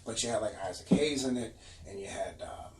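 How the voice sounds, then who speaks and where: A man's voice: fairly low pitch, a little fast. A man co-hosting a casual podcast, telling profane stories with frequent laughter. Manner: profane animated storytelling, laughs often. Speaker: podcast co-host. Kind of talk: casual chat. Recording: echoey room from a distance, faint noise.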